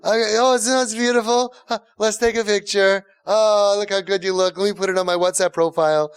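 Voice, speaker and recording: A man's voice: high voice, steady tone, fairly quick, smooth, voice pushed up. A man voicing an overly enthusiastic parent who showers fake praise in exclamations. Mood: gushing. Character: gushing, fake-cheerful parent, middle-aged.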